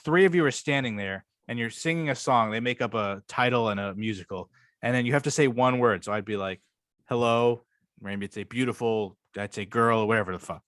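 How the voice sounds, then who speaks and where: A man's voice: fairly low pitch, fast, a bit bright, dry recording, clean studio sound. Rambling, profane man in casual chat. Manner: rambling, profane, enthusiastic retelling. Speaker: podcast co-host.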